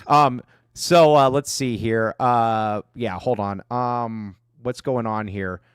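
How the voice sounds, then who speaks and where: A man's voice: mid-range voice, steady tone, slow pace, clear, resonant tone, dry recording, clean studio sound. A man hosting a casual sports podcast, rambling and joking with plenty of fillers. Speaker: podcast host.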